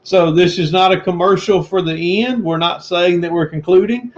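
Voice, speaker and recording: A fairly high-voiced man with a drawl, chatting on a livestream in an earnest, sermon-like way. The audio is dull and lo-fi. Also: steady tone, normal speed. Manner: earnest, encouraging, preachy. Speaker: reselling livestream co-host. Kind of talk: casual livestream chat.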